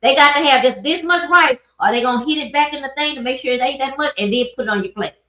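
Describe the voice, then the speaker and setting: Animated woman host telling stories. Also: high voice, fast. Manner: animated storyteller, mimics people, laughs often. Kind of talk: casual chat. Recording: echoey, dull livestream audio.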